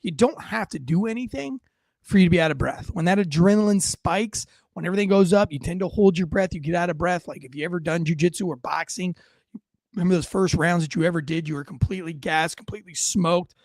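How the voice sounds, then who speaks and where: A man's voice: high-pitched, fast talker, vocal fry, darkish tone, no room sound, clean studio sound. A man hosting an online news commentary show, talking in a brash, conversational way with crude slang and asides. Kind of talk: casual political commentary.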